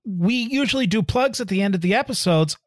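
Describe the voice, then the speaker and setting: A woman hosting a podcast, lively and easily exasperated. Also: medium pitch, brisk, no echo, clean studio sound. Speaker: podcast host. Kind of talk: casual chat.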